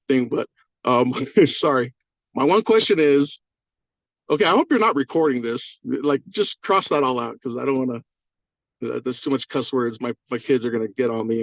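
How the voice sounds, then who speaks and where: A man speaking on a live call, rambling and swearing often, apologizing, choked up and crying with a husky voice. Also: medium pitch, no echo. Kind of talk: emotional live-stream call. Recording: dull lo-fi audio.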